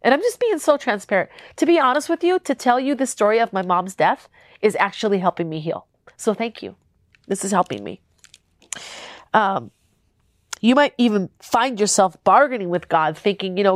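A woman's voice: mid-range voice, expressive, normal speed, dry recording, studio quality. A young adult woman hosting a faith podcast, talking to listeners in an earnest, emotional way that is tearful at times. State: crying at times. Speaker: podcast host. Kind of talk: heartfelt faith podcast talk.

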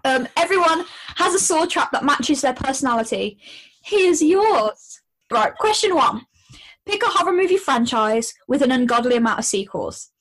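A woman's voice: sits high, expressive, normal speed, a bit bright, poor audio. A young woman co-hosting a casual podcast, giggly and blunt, reading quiz questions and swearing freely. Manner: reads quiz questions aloud. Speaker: podcast co-host. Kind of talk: casual chat.

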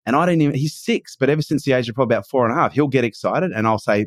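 A man's voice: medium pitch, racing, hardly any pauses, dry recording. A man, in his forties, talking earnestly as a podcast guest in casual conversation. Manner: earnest and emphatic, swears casually.

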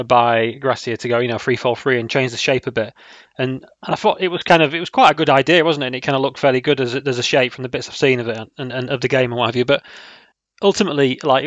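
A man's voice: medium pitch, dry recording, dull audio. A man co-hosting a casual football podcast, talking in a hesitant way with many fillers. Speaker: podcast co-host.

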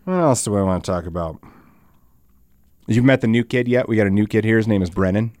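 A podcast host with a lowish voice tells a long story in casual chat at a brisk clip, with no room sound. He swears often and acts out other people's lines in exaggerated voices, making his storytelling profane and animated.

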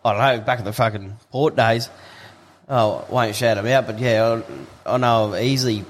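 A man's voice: medium pitch, fairly even intonation, moderate pace, slight background noise. A man with an Australian accent co-hosting a podcast, talking in a laid-back, blokey way with casual swearing. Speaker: podcast co-host. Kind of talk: casual chat.

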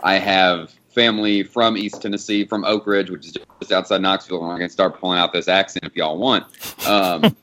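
A man co-hosting a casual sports podcast, rambling and animated as he talks, swearing and laughing along the way. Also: sits low, fairly quick. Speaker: podcast co-host.

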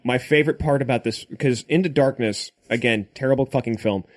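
A man's voice: mid-range voice, fairly quick. A man co-hosting a casual film review chat, blunt and swearing freely as he rants. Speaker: podcast co-host.

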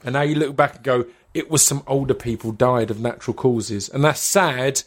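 A man's voice: medium pitch, moderate pace. Sweary man telling a story. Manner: sweary, animated storytelling with stammered restarts. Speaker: podcast host. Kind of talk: casual chat, storytelling.

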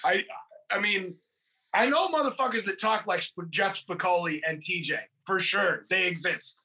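A man from California co-hosts a podcast, chatting casually about a film while rambling, swearing and laughing. His voice sits high with a sharp tone, at a moderate pace.

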